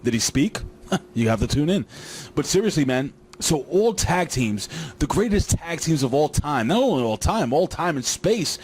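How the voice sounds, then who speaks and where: A man's voice: on the high side, animated, moderate pace, a little mellow. Rambling, jokey male wrestling reviewer. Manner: rambling, jokey, talks straight to viewers. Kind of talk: casual recap commentary.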